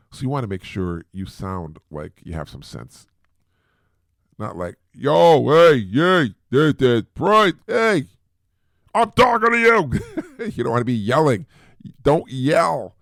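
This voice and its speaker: A man's voice: mid-range voice, vocal fry, no room sound, studio quality. A middle-aged man hosting a podcast, giving casual advice in a chatty way, often repeating words and mimicking voices. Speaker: podcast host.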